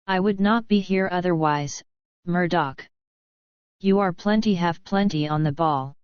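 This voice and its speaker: A sneering young foreign man full of secrets, as a woman narrator voices him in an audiobook. He speaks with a low, clean voice and pushes his warnings hard. The studio sound is dry and a little dull. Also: a little slow, clean tone, dry recording, lightly acted. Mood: scornful, urgent.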